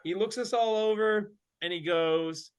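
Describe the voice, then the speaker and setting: A man with a notably high speaking voice tells a story in a relaxed interview. He is animated and full of fillers and slang. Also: a little slow, smooth. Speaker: wrestler guest. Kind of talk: casual storytelling.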